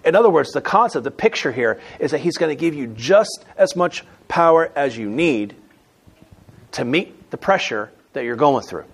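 A man preaching a sermon as pastor, emphatic, moving between loud stressed words and quiet asides. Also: on the high side, animated, normal speed, breathy edge.

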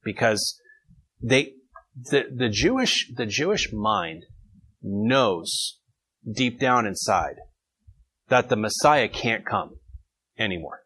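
A man's voice: medium pitch, expressive, takes it slowly, pauses often, sharp tone, husky, low-quality recording. A man leading an informal Bible study, reading verses and taking questions from his group in a conversational way.

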